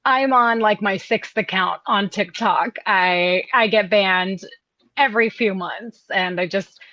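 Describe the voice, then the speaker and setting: A woman's voice: mid-range voice, a little slow, sharp tone, no echo. A woman being interviewed in casual chat, laughing often and mocking people with put-on voices. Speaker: guest. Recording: slightly dull lo-fi sound.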